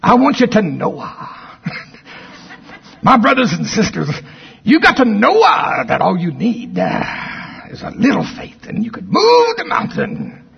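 A man putting on a mocking, pompous preacher voice with an exaggerated, shouted drawl. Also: sits high, huge pitch swings, slow, gravelly, husky, dull audio, pitched above the performer's own voice, full character voice.

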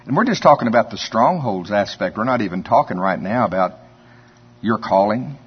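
Man preaching, husky and homey, on a dull lo-fi recording. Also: lowish voice, lively intonation, fairly quick. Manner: conversational storytelling, chuckles often. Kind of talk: folksy sermon.

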